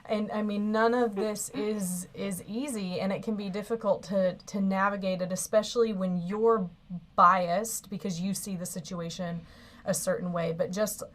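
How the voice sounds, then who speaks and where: Woman, middle pitch, earnest, halting, advice show co-host. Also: steady tone. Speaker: marriage coach co-host. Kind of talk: live call-in advice show.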